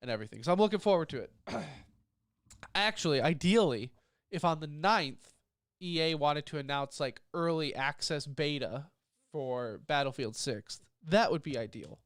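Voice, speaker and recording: A man's voice: fairly high pitch, moderate pace, dry recording, studio quality. A man hosting a podcast in a casual chat, his voice a bit nasal from a lingering cough. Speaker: podcast host.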